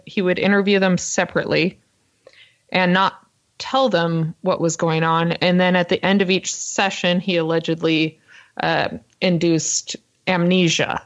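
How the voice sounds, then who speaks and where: A woman co-hosting a podcast, recounting a story in a casual, fast, filler-heavy way. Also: on the low side, lo-fi sound. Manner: fast-talking, lots of ums and uhs. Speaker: podcast co-host.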